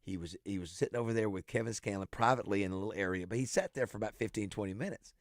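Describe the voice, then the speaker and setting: A man co-hosting a morning radio show, telling stories with repeated words and trailing off quietly. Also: fairly low pitch, rapid-fire, no echo, studio quality. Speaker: radio co-host. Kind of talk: casual radio chat. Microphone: studio mic.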